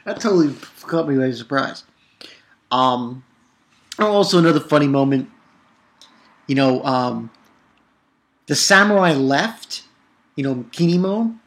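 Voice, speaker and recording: A young man casually recapping a cartoon episode, rambling and swearing, with lots of fillers and restarts. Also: a little high. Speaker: anime episode reviewer.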